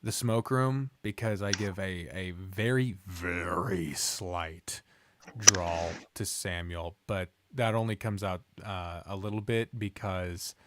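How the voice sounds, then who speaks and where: A man's voice: fairly low pitch, measured pace, few pauses, heavy background noise. A man with a Midwestern accent chatting casually on a stream, rambling and trailing off with ums. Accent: Midwestern American. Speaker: streamer and visual novel narrator.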